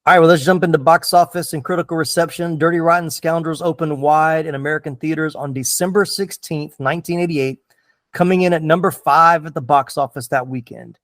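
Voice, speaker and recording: A man hosting a movie podcast in an easy, enthusiastic way, voice a touch higher than most men. He talks loosely with lots of fillers, recorded dry and close. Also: steady tone, brisk, fairly bright tone, no echo. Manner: enthusiastic, chatty, many fillers. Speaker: podcast host. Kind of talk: casual movie podcast chat.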